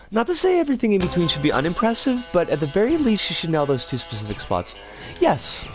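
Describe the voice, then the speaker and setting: A woman's voice: on the low side, wildly swooping pitch, quick pace, no room sound, soft background music. A woman streaming a game, chatting in a rambling, casual way and breaking into frustrated outbursts. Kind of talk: casual live-stream commentary while playing.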